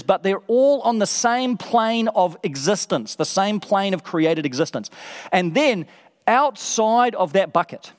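A male preacher with a fairly high voice gives an emphatic sermon, repeating phrases for effect and piling short phrases one on top of another. A long reverb makes his voice ring out as though it fills a large hall.

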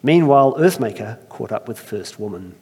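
A man, a pastor, delivers a sermon and reads a story aloud in a mid-pitched voice at an ordinary level. His manner is conversational and self-deprecating, and he slows down for the storytelling. The delivery is expressive, the tone darkish and slightly rough, with a long church-hall reverb behind him.

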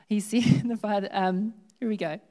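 A woman preaching a sermon. She keeps it chatty and lively, with jokes along the way. Her voice sits in a middle register. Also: medium pitch, measured pace. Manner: lively, humorous, conversational.

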